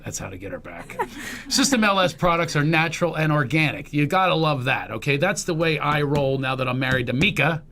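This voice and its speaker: Comedy talk host, male, gravelly voice, pitched a bit high, light hiss behind. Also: expressive, bright, forceful tone. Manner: joking, storytelling, quick asides. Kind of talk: casual comedic banter and ad read.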